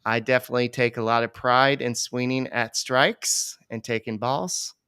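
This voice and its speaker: Smooth-voiced man, rambling sports chat. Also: medium pitch, steady tone, normal speed, pushed and bright, dry recording, clean studio sound. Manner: rambling, many fillers and restarts. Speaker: podcast co-host.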